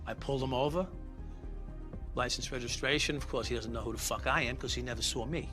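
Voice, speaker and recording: A man's voice: mid-range voice, fairly even intonation, fast talker. A middle-aged man, a former police officer telling his story bluntly in an interview, swearing heavily. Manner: blunt, heated, heavy swearing. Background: music.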